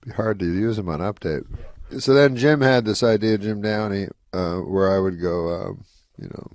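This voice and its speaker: A comedian telling a long, rambling anecdote in a casual interview, deadpan and full of "you know" asides. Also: male voice, on the low side, moderate pace, no room sound, clean studio sound. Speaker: comedian guest telling a story.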